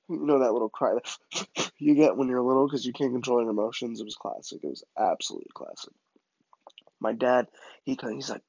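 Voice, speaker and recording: A man casually telling a comic story about his childhood, in an animated, self-mocking way. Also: mid-range voice, fairly quick, dry recording, dull audio.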